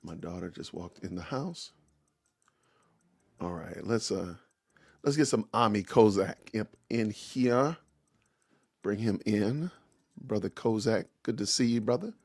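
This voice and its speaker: A man's voice: lowish voice, expressive, a little slow, pauses often, a little mellow, no room sound. A man hosting a podcast livestream, chatting casually in an easygoing way with many fillers, close to his streaming mic. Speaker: podcast host.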